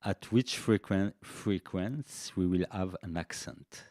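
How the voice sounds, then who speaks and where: A man explaining music software features in a live-streamed tutorial, unhurried and checking in with "okay" as he goes. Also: low voice, no room sound, studio quality. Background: faint drum machine beats.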